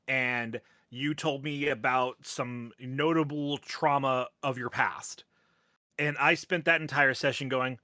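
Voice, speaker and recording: A man's voice: medium pitch, steady tone, slow, pushed and bright, no echo, clean studio sound. A man chatting as a guest on a livestream, wry and teasing with sarcastic asides. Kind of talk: casual livestream chat.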